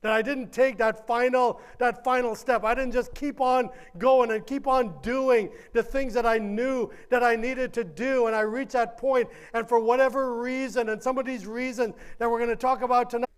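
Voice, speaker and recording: A man preaching a sermon as pastor, earnest and driving, with repeated questions and drawn-out lines. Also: very high-pitched, level tone, clear, resonant tone.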